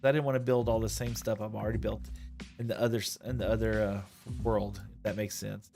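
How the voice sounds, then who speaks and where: A man's voice: fairly low pitch, flat delivery, a little fast, gravelly, music in the background. Chatty man streaming a game. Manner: rambling, chatty, self-correcting with frequent chuckles. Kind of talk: casual gameplay stream chat.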